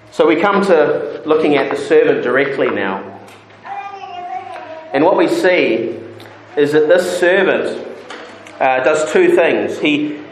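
A man preaching an expository sermon who rises into loud, high pleading when he quotes God. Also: slight background noise. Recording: echoey room with faint ambience.

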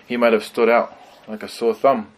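A man teaching a conversational Bible study, thoughtful and pausing with frequent ums. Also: medium pitch, flat delivery, low-quality recording.

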